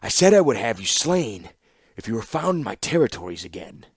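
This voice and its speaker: A man voicing a stern, commanding older warlord who speaks grimly and forcefully. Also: lowish voice, very animated, husky, no room sound, full character voice. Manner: grim, slow and forceful.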